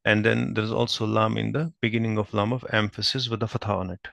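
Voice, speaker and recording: A man with a creaky, slightly bright voice on the low side teaches Arabic grammar at a whiteboard, his intonation fairly even. He patiently explains each point, spells out Arabic terms slowly, and checks understanding with frequent questions. The recording is dry.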